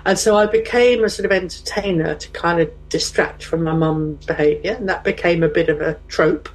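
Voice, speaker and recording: A woman's voice: fairly low pitch, brisk, a little hiss or hum, low-quality recording. A woman, a guest candidly telling personal stories and acting out other people's voices. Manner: animated, acts out quoted voices.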